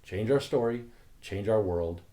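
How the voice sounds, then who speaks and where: Earnest, low-voiced man telling a story. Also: a little slow. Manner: calm, earnest, reflective. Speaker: spiritual community leader. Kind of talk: reflective spoken storytelling.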